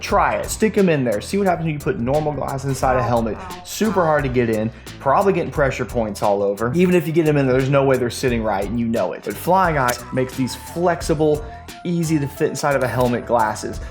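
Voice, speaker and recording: A man's voice: mid-range voice, lively intonation, fast talker, faint music behind. A young man hosting a motorcycle vlog, casual and playfully sarcastic. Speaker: motorcycle vlogger.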